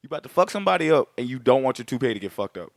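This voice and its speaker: A man's voice: mid-range voice, big pitch swings, rapid-fire, no room sound. A man co-hosting a podcast, reviewing a film in casual, profane, rambling chat. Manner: profane, rambling, laid-back. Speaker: podcast co-host.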